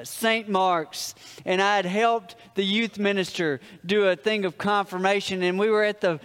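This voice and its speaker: A pastor preaches to his congregation in a high, clear voice that rings through a reverberant sanctuary. He tells stories with plain humor and drops his voice low to land each punchline. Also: a bit bright. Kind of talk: sermon. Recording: long hall reverb.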